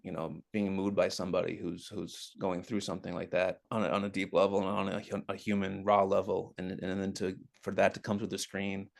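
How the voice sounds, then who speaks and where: Man with a boston accent, very low voice, gravelly, halting casual chat, lots of restarts. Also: level tone. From outside Boston, USA. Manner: halting, many restarts and fillers. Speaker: actor, podcast guest.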